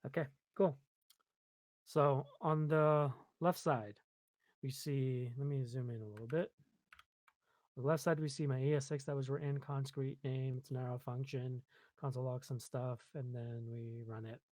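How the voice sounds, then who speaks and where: A man's voice: medium pitch, normal speed, dry recording. A man casually talking through code. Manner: relaxed, chatty, thinks aloud with many ums, self-deprecating. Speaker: coding tutorial host. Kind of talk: casual screen-recorded coding walkthrough.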